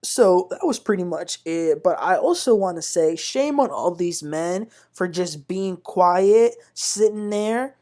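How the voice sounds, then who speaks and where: A woman hosting a casual reality TV recap, talking in an animated, indignant way and addressing viewers as "y'all.". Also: on the low side, slow pace, few pauses. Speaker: TV recap host.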